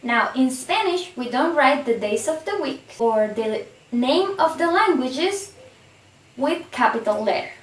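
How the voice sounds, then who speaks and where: A woman teaching a language lesson, reading out verb forms slowly and carefully. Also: sits high, animated. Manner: slow, careful conjugation drills. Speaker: Spanish teacher. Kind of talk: scripted lesson narration. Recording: echoey room, voice from a distance.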